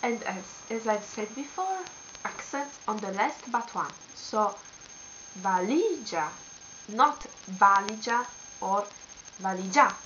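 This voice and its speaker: A woman's voice: mid-range voice, a little slow, a bit bright, highs cut off, slight background noise. A young woman with an Italian accent teaching basic Italian pronunciation in a casual video lesson, hesitant with many fillers.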